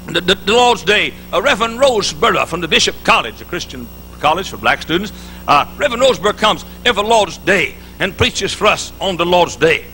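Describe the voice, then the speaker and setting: A man's voice: high voice, animated, brisk, bright, forceful tone, a little hiss or hum, heavily acted, low-quality recording. A man quoting a courteous country church deacon during a sermon. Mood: polite. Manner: courteous, formal.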